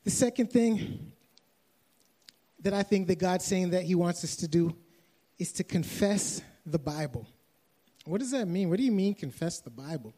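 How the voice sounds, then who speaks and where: A young adult man with a Canadian accent preaching a sermon, telling a story softly and then raising his voice to exhort. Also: high voice, lively intonation, moderate pace, long pauses. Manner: storytelling, shifts from soft anecdote to raised preaching. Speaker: pastor.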